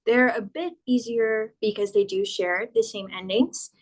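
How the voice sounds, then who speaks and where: Female teacher, patient explainer, walks through conjugation tables slowly and clearly. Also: a little high, fairly even intonation, low-quality recording. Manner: patient, spells out verb endings, slows down for examples. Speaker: Spanish teacher. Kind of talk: explanatory grammar lesson.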